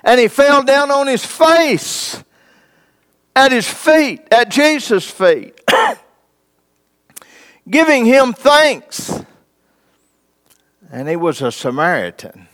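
A man with an extremely high, fairly bright voice and big swings in pitch preaches a sermon. He reads scripture and puts questions to his congregation in a folksy way, using dramatic pauses.

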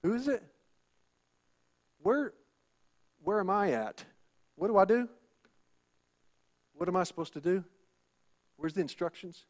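A man preaching with a high, light voice. He leans on repeated lines and rhetorical questions, calling out to the congregation for an "Amen". His delivery is emphatic and insistent. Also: animated, measured pace, pauses often. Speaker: pastor. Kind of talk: sermon.

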